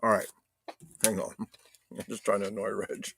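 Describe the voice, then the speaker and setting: A man's voice: on the low side, level tone, normal speed, gravelly, very noisy. A man hosting a casual live stream, joking loosely, swearing and reading viewer chat aloud. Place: home streaming setup.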